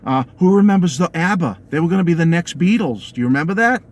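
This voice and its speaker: A middle-aged man with a New England accent talks straight to his viewers in a casual, opinionated way. His voice sits a little high, and he laughs often and keeps checking in with the audience. Faint background noise runs under his voice. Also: expressive, fast talker. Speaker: music vlogger. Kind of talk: casual opinionated monologue to camera.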